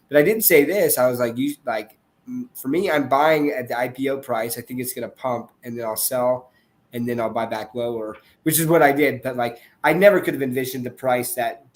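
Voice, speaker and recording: A man with a mid-range voice chats on a podcast. He talks in a reflective, unhurried way and often restarts a thought before finishing it. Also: medium pitch. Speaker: podcast panelist. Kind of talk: casual podcast chat.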